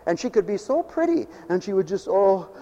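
A man's voice: high-pitched, big pitch swings, fairly quick, warm tone, in a large hall, dull audio. A man preaching a folksy, off-the-cuff sermon, rambling and repeating himself, needling his listeners with rhetorical questions.

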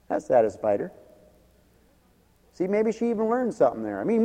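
High-voiced lively folksy preacher man. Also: moderate pace, in a large hall. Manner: folksy, laughs often between points. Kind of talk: sermon.

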